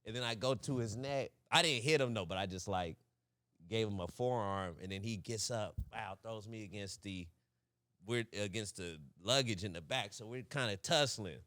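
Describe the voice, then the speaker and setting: A young man co-hosting a podcast, telling a story in casual chat, animated and laughing often, acting out voices. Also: fairly low pitch, moderate pace, dry recording, clean studio sound. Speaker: podcast co-host.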